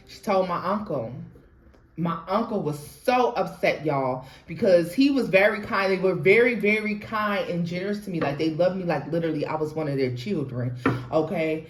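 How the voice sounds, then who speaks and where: A young woman telling her own ghost story in an animated, chatty way, talking straight to viewers and laughing often. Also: lowish voice, moderate pace. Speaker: tarot reader and storyteller. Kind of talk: casual storytime vlog. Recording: roomy echo.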